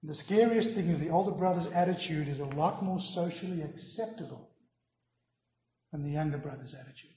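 A man's voice: fairly high pitch, brisk. Emphatic preaching man, echoey room. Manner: emphatic preaching, swells loud then drops to hushed near-whispers. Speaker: pastor. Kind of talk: sermon.

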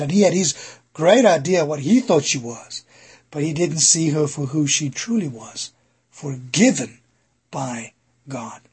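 A man's voice: fairly high pitch, breathy edge. A middle-aged man preaching a sermon as pastor, earnestly asking the congregation rhetorical questions.

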